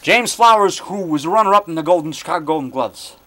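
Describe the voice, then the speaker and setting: A man's voice: a little high, lively intonation, a little fast, bright, forceful tone. A middle-aged man giving an eager, rambling show-and-tell tour of his home basement, jumping from one item to the next. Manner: eager, chatty, jumps from item to item. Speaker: monster movie-maker giving a home tour.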